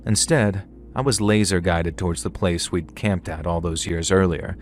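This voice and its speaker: A man narrating a first-person horror story in a slow, measured scripted style. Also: deep voice, slight background noise. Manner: slow, measured storytelling with quoted friends' lines. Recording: faint music underneath.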